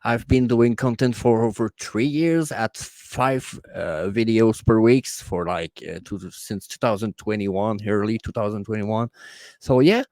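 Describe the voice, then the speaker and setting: A man with a Quebec French accent speaks English as a second language and talks casually as a guest. His voice sits low and sounds dry and close. He pauses and restarts as he searches for words. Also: a little mellow, no echo. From Quebec, Canada. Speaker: guest content creator. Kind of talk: casual interview chat.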